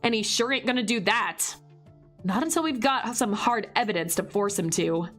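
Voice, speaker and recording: A brash young female detective, as a hoarse woman reads her lines aloud from a mystery visual novel, talking in a sarcastic, slangy way that drips with suspicion. Her voice sits at an ordinary pitch, with faint music playing underneath. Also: lively intonation, normal speed, fairly bright tone, natural voice. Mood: wry, suspicious.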